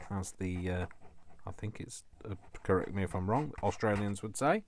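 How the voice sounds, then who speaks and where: A middle-aged craft vlogger from Coventry, England, chats playfully to himself while he crafts. His fairly low voice is expressive and moderately paced, with a little hiss or hum in the background.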